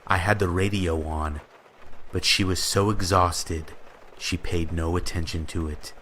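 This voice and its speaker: Deep-voiced man narrating horror stories. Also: unhurried, a little hiss or hum. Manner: steady storytelling read. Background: rain ambience.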